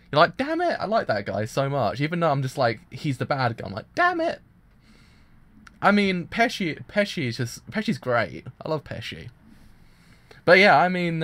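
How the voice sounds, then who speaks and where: A man streaming a live anime reaction, gushing and excitable, with many restarts and fillers. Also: medium pitch. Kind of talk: casual live reaction commentary.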